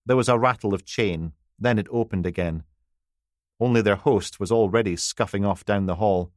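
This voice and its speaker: A man's voice: lowish voice, normal speed, no echo. A man narrating a crime novel audiobook with a dry, wry delivery on a close mic.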